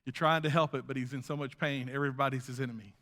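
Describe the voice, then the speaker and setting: A male pastor preaching a sermon in an animated way, swinging from loud bursts down to hushed asides. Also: mid-range voice, rapid-fire.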